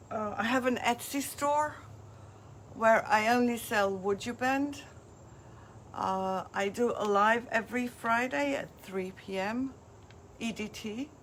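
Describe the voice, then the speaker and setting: A woman's voice: mid-range voice, a bit bright, slight background noise. A woman hosting a live craft demonstration, chatting as she walks viewers through each step. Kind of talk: live craft product demo.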